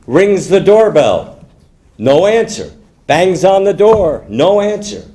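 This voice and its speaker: An older man telling jokes to a live audience in an animated storytelling manner. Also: sits high, slow pace. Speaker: stand-up comedian.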